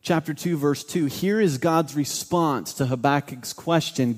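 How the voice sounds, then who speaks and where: A man's voice: on the high side, a little slow, few pauses. A man preaching a sermon as pastor, emphatic and repeating his key phrases for weight. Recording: long hall reverb.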